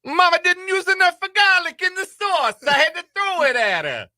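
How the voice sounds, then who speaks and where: A man putting on a jokey Italian accent as a loud mama's boy. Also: very high-pitched, expressive, moderate pace, no echo, studio quality, pitched above the performer's own voice, full character voice. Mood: mocking. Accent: put-on Italian.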